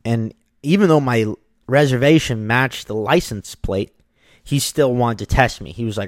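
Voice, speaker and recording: A man casually telling a personal story, lively, acting out the people in it. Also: medium pitch, moderate pace, no room sound. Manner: animated, acts out the people in his story.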